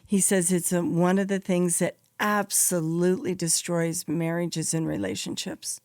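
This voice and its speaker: A woman's voice: on the low side, flat delivery, a little slow, a little mellow, no echo, studio quality. A woman podcast host and psychologist giving direct, practical advice, stressing her key points and checking in with "okay?". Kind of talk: advice monologue.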